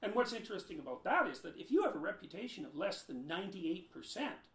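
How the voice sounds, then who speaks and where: Man, high voice, emphatic lecturing manner, interview answers, echoey room at home. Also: very animated, fast. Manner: emphatic, lecturing, with sharp swings in loudness. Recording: roomy echo.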